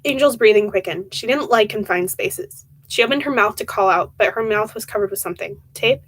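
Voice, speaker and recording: A young woman reading a horror book aloud on a live stream, softly and with feeling, often stumbling and restarting words. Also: mid-range voice, brisk, slightly rough, dry recording, low-quality recording. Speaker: reader of horror books.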